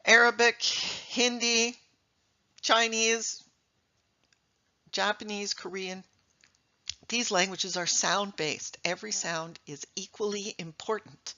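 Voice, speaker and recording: Bright-voiced woman giving a lively talk. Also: medium pitch, takes it slowly, pauses often, highs cut off. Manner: lively, emphatic, rhetorical questions. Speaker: speaker giving a talk on English. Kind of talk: presentation to a live audience.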